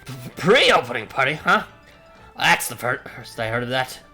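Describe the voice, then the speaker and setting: A man voicing a gruff male chief engineer with a casual, drawling way of talking. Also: medium pitch, very animated, normal speed, sharp tone, soft background music, exaggerated voice.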